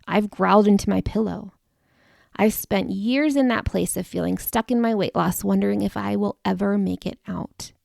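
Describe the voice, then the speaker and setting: Woman, 40s, podcast host, confiding storyteller, fry in the voice, dry close mic. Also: medium pitch, normal speed, a little mellow, no room sound. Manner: earnest, confiding, addresses listener directly. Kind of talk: personal storytelling monologue.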